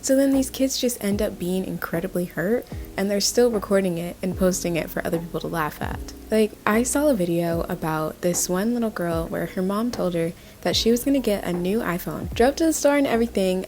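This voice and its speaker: A young woman in her early twenties talks through a video essay in a casual, chatty way. Her pitch leaps up and down as she gets worked up. She leans on "like" constantly. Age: young adult. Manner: animated, conversational, heavy use of "like". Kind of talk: casual commentary.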